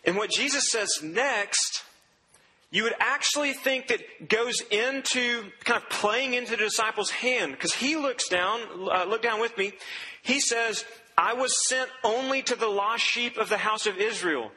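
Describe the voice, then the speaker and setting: A man's voice: high-pitched, a little slow, sharp tone, in a large hall, poor audio. A man preaching a sermon in a conversational way, quoting scripture and acting out what people said. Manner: conversational preaching, quotes scripture and acts out voices. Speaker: pastor.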